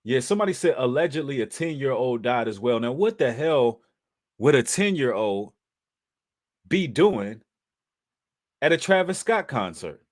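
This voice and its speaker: A man's voice: medium pitch, big pitch swings, normal speed, long pauses. Male livestream host, mid-range voice, preacherly and emphatic, street-casual delivery. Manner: emphatic, preacherly, addresses audience as brothers and sisters; casual slang with occasional cursing.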